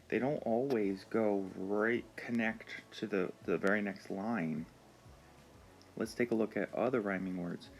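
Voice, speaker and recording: A man teaching a reading lesson, explaining words slowly and patiently with frequent pauses and ums. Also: lowish voice, creaky.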